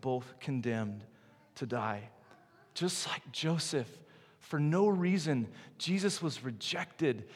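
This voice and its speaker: A man preaching a sermon, animated, swinging between loud emphasis and hushed, slow drops. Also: mid-range voice, husky. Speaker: pastor. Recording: long hall reverb.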